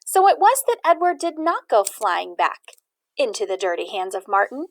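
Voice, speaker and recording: An audiobook reader, a woman with a voice on the high side, reads a children's storybook aloud at normal speed in an expressive, animated way.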